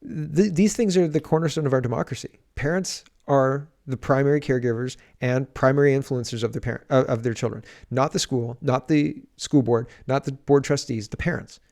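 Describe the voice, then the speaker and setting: A man's voice: mid-range voice, fairly quick, creaky, few pauses, a little mellow. A man doing casual political commentary on a livestream, reading viewer comments aloud and reacting in an indignant, rambling way with frequent restarts.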